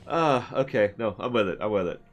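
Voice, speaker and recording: A man's voice: fairly low pitch, expressive, fairly quick, muffled recording, slight background noise. A man casually commenting on his game for his stream viewers, rambling and sarcastic, and sometimes laughing. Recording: music playing behind.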